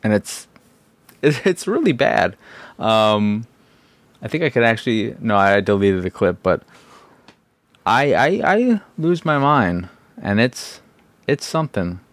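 A man's voice: on the low side, animated, slow, pauses often, a bit bright, dry recording. A man hosting a podcast, rambling in a casual, exasperated, self-mocking way. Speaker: podcast host. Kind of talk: casual solo podcast talk.

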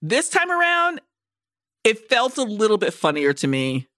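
Woman podcast co-host, bright and dry, animated sweary movie rant. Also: on the high side, unhurried, no room sound. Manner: animated, profane ranting with acted-out quotes. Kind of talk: casual movie-review chat.

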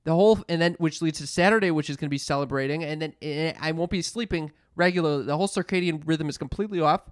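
A man co-hosting a casual chat, telling animated stories with plenty of swearing and acted-out quotes. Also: fairly high pitch, quick pace, no room sound, clean studio sound. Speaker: podcast co-host.

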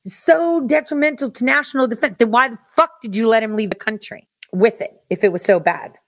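Brief: woman host, somewhat high voice, heated and profane commentary, hammers points by repetition. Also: a little fast, fairly bright tone. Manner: profane, heated, repeats herself. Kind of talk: angry political commentary.

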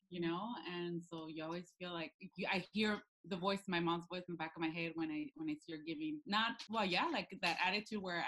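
A woman co-hosting a casual podcast chat, telling funny stories with animated quotes, laughing often and mixing in Spanish phrases. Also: lowish voice, fairly quick, hardly any pauses, poor audio. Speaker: podcast co-host.

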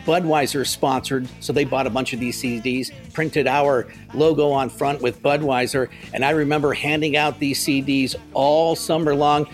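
A man's voice: medium pitch, moderate pace, hardly any pauses. A man hosting a music podcast, chatting casually and telling stories about concerts he remembers. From Phoenix area, United States. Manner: relaxed storytelling, reminiscing. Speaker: podcast host.

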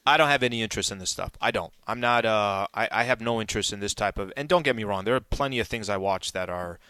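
A man co-hosting a sports talk radio show, joking and interjecting quickly. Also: on the low side, sharp tone, clear, resonant tone, dry recording.

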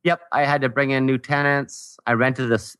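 A man in his forties, a podcast guest, telling a story about his early mistakes with animated, self-mocking humor. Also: mid-range voice, normal speed, smooth, no echo, studio quality. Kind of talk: casual storytelling.

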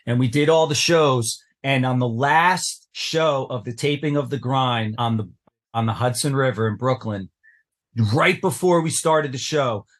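A man's voice: medium pitch, measured pace. A middle-aged man, a podcast guest, earnestly and intensely recounting a personal story in an interview. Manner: earnest, intense retelling with acted-out quotes.

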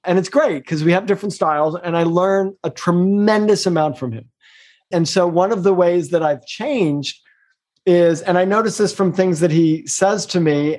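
A middle-aged man with a fairly high voice, talking as a guest coach in a relaxed interview. He is emphatic and expressive, rushing through some phrases and stretching out others for emphasis. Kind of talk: casual interview conversation.

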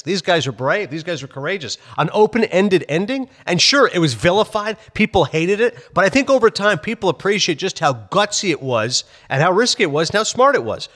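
A man co-hosting a casual sports podcast with a slightly higher-pitched voice. He reads listener questions and tells stories with animated emphasis. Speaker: podcast co-host.

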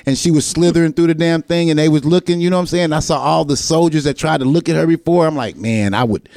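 A man's voice: a little high, flat delivery, quick pace, gravelly, a little mellow, no echo, clean studio sound. A man co-hosting a casual panel chat, loose, joking and profane. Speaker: podcast co-host.

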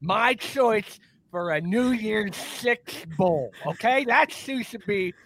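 A man doing an impression of a rambling elderly male college football coach, halting and emphatic. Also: high voice, expressive, a bit bright, no room sound, voice pushed up, exaggerated voice. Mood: mock-indignant.

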